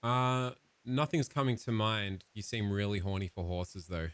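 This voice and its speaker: A man's voice: lowish voice, moderate pace, fairly bright tone, clear, resonant tone, dry recording. A man chatting offhand with an AI and reading through a game tutorial, dry and teasing. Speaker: gamer chatting with an AI. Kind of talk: casual gameplay commentary.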